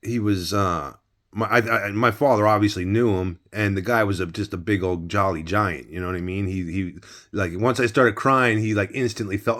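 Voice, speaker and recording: Low-voiced man telling a rambling story. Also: moderate pace, fairly bright tone. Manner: rambling, many restarts and swearing. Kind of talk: casual personal storytelling.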